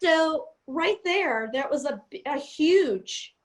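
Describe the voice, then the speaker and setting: High-voiced woman telling pilot stories. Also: slow, low-quality recording. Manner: animated, laughs often, acts out cockpit dialogue. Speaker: airline captain and guest. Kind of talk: casual storytelling interview.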